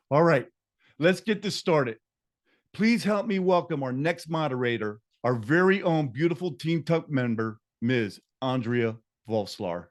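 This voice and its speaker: A man hosting an online book reading over a video call, giving a measured, gently emphatic introduction. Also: on the high side, expressive. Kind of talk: slow, reflective guided introduction.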